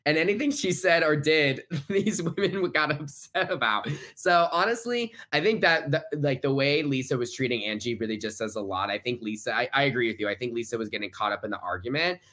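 A man's voice: mid-range voice, brisk, hardly any pauses, bright, forceful tone. A man talking as a guest on a casual recap podcast, gossipy and agreeable. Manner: gossipy, agreeable, laughs often. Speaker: guest commentator.

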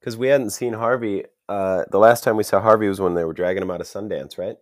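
Deep, quick male co-host, rambling slangy recap chat, dry mic. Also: fairly even intonation, no echo. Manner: rambling, fast, with slangy asides. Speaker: podcast co-host. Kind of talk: casual chat recapping a TV episode.

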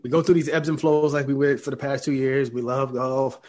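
A man's voice: medium pitch, steady tone, fairly quick, darkish tone. A man co-hosting a casual golf podcast, talking emphatically and joking as he rants.

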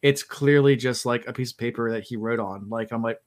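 A man chats casually on a podcast, sounding tired after a late night. His voice sits at an ordinary pitch. He wanders through his stories, stopping often with "um" and "like". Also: fairly even intonation, fairly quick. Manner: rambling storyteller, many fillers. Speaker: podcast host. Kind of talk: casual chat.

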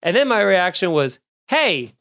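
A male comedian and podcast host telling a story in a casual monologue, animated and swearing, acting out the people he quotes. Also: on the high side, moderate pace.

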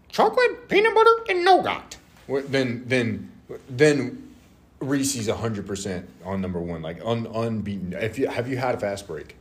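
A young man co-hosting a casual chat, laid-back and rambling with frequent restarts. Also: lowish voice. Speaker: co-host.

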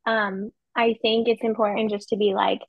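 A woman's voice: medium pitch, flat delivery, normal speed, gravelly, no echo, narrow, tinny audio. A woman co-hosting a podcast in casual chat, talking candidly and chatty. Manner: candid, chatty, acts out her own quotes. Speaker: podcast co-host.

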